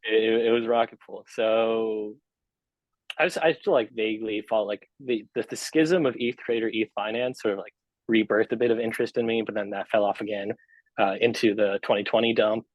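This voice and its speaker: A man's voice: lowish voice, brisk, no room sound, dull audio. A young man as a podcast guest, talking casually and rambling with lots of fillers and restarts. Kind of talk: casual interview chat.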